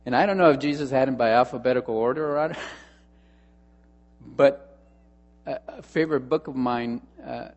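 A male pastor preaching a sermon, telling a story and moving between hushed asides and emphatic repeated phrases. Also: mid-range voice, moderate pace, long reverb tail, muffled recording.

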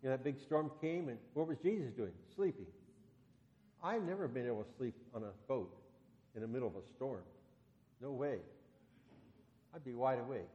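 A man preaching a sermon, retelling a story in a conversational, storytelling way and getting animated when he voices the characters. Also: mid-range voice, normal speed, pauses often, in a large hall, dull audio.

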